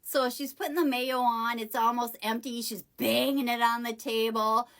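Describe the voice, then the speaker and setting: Chatty woman vlogger, slightly high voice. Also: fairly even intonation, moderate pace, a bit bright. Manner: chatty, rambling retelling with self-corrections. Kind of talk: casual storytelling to camera.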